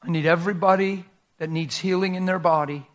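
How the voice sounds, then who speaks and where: A man's voice: sits high, fairly even intonation, a little fast. A man preaching a sermon as a pastor, telling a story in a dramatic, folksy and emphatic way.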